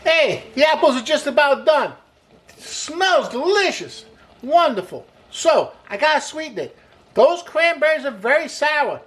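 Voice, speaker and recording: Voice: sits high, sing-song, moderate pace, a bit bright. A cooking show host giving a casual demonstration in an upbeat way, often opening lines with "hey", repeating praise like "wonderful" and joking and laughing at their own asides.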